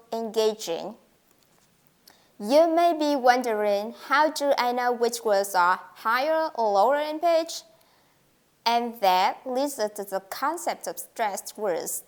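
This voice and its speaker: A woman teaching an English pronunciation lesson, speaking carefully and modeling intonation with example sentences. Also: on the high side.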